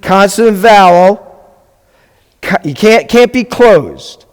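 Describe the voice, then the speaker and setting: A man's voice: high voice, lively intonation, takes it slowly, clear, resonant tone, in a large hall. A man teaching a Hebrew class as a rabbi, patiently spelling things out and checking in often with his students. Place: classroom or hall with a live class.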